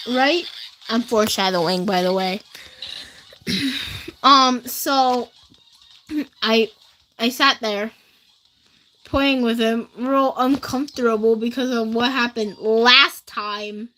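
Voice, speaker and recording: A woman's voice: on the high side, takes it slowly, pauses often, pushed and bright, poor audio. A teenage girl livestreaming, telling school stories to her chat in a rambling, casual way, full of fillers. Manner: chatty, rambling, many fillers, speaks straight to chat. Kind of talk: casual storytelling to a live chat.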